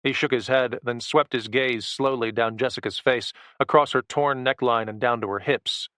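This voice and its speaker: Guy reading an action thriller audiobook, low and tense, dry close mic, middle pitch. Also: fairly even intonation, moderate pace, sharp tone, clear, resonant tone, dry recording. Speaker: audiobook narrator. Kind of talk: first-person thriller narration.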